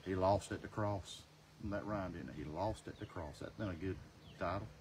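Man, evangelist sermon, lowish voice, passionate, faint birds and outdoor air behind. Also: moderate pace, background noise. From North Carolina. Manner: passionate, swings from loud to hushed.

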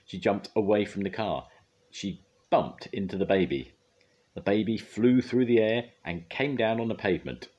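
An older man reading a picture book aloud for his grandchildren, lively and expressive. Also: fairly low pitch, moderate pace, husky. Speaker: grandfather storyteller.

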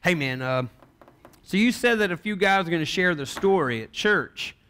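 A young man preaches from the pulpit in a high, bright voice. He tells his stories in an animated way, slipping into the voices of the people he quotes. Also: moderate pace, clear, resonant tone. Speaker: pastor. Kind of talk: sermon.

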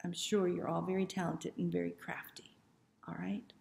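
A woman hosting a children's story time, talking gently and encouragingly to young children, sometimes dropping to a soft whisper. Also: on the low side, little pitch movement, moderate pace, gravelly, reverberant.

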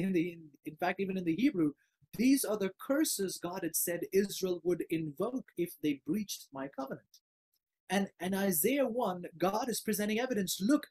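A man delivering a sermon in an earnest, searching way. He repeats words as he works toward a point and lowers his voice when quoting God. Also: a little mellow. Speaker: preacher.

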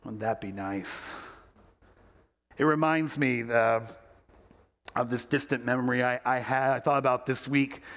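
A man's voice: medium pitch, fairly even intonation, unhurried, pauses often, a bit bright, in a large hall. A male pastor giving a sermon and telling a story, acting out the quoted voices as he goes.

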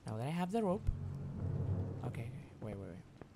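A male streamer narrates his horror gameplay to himself, stacking repeated words and casual swearing as he works through each move. His voice sits at an everyday middle pitch. There is noticeable noise in the stream recording. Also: very animated, moderate pace, gravelly. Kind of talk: live gameplay commentary.

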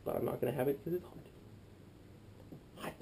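A man's voice: medium pitch, racing, creaky, mellow, a little hiss or hum. A young man, tipsy, rambling through a casual vlog sign-off at home and dropping to a mutter at times. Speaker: vlogger.

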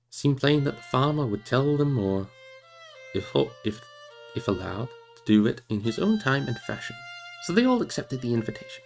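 Male livestream reader: expressive, swinging delivery with a gravelly edge. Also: mid-range voice, normal speed, soft background music. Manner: expressive, animated reading. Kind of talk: reading a novel aloud on a livestream.

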